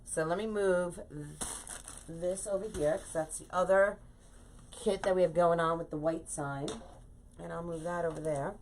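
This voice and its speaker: A woman's voice: on the low side, steady tone, normal speed, darkish tone, a little hiss or hum. A woman hosting a live craft tutorial, chatting and laughing at herself as she reads viewer comments at her home craft table. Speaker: craft host teaching wreath making.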